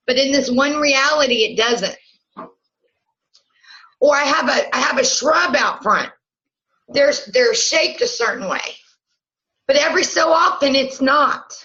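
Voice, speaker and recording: A woman guest in a casual online discussion, explaining slowly and emphatically and repeating herself. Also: fairly high pitch, bright, forceful tone, dull audio.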